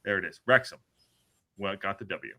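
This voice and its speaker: Bright excitable male podcast host. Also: low-pitched, normal speed. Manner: excitable play-by-play with swearing and jokes. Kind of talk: casual match commentary.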